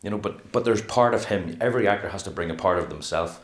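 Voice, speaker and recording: A middle-aged man, an actor being interviewed, talking in a casual, animated way and acting out what he would say. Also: low voice, fast. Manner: animated, rambling, acts out quotes. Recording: echoey room.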